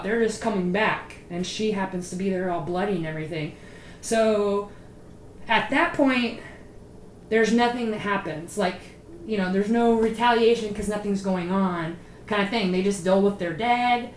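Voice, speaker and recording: A woman chatting casually as a podcast co-host, telling local history in an animated, rambling way. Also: medium pitch. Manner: chatty, animated storyteller with fillers. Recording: roomy with faint noise.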